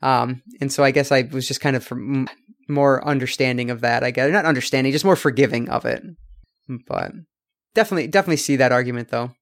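A man's voice: mid-range voice, quick pace. A man co-hosting a casual film review podcast, talking in a rambling way with many fillers and restarts. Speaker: podcast co-host.

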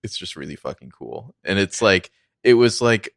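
A man co-hosting a casual film discussion podcast, rambling in a relaxed way with many fillers. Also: low-pitched, normal speed, vocal fry, dry recording, clean studio sound. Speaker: podcast co-host.

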